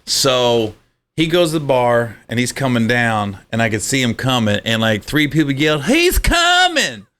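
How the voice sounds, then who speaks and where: A man's voice: mid-range voice, moderate pace, fairly bright tone, clean tone. A man, a comedian guest, telling comic stories in conversation and laughing through them.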